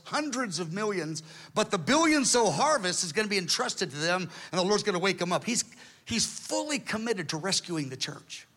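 A man's voice: high-pitched, bright, forceful tone. A man preaching a sermon, earnestly retelling a story with quoted dialogue and pressing his point with intensity. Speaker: pastor.

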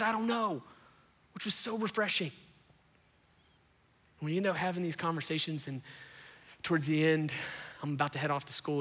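A man preaching a sermon as pastor, telling a story with lively, animated delivery and calling the crowd "y'all". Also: on the high side, breathy edge. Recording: long hall reverb.

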